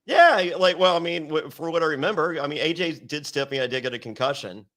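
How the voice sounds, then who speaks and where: A man with a somewhat high voice tells stories from his past in an interview. He swears freely and jumps into loud, excited impressions when quoting people. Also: a little fast. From Virginia, US. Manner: animated, acts out quotes in raised voice, heavy swearing. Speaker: interview guest. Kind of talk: casual storytelling with profanity.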